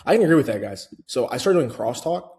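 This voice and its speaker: A man's voice: medium pitch, sing-song, fast talker, a little mellow. A man vlogging in a casual, rambling way about learning a language, with lots of fillers and restarts. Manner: chatty, full of fillers and restarts. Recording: roomy echo.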